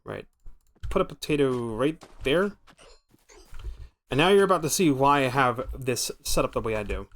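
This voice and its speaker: An American streamer in casual gameplay commentary, his voice sitting at an ordinary mid pitch. He rambles and thinks aloud as he plays, with a loose, unscripted manner and the occasional swear word. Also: moderate pace, pauses often. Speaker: gaming streamer.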